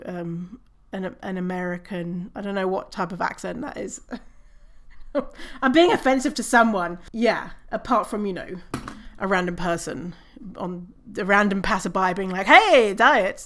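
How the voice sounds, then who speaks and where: A woman's voice: on the low side, fairly bright tone. A woman hosting her own podcast, talking casually on her own, swearing and laughing at herself. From British Columbia, Canada. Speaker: podcast host. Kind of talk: casual solo podcast talk.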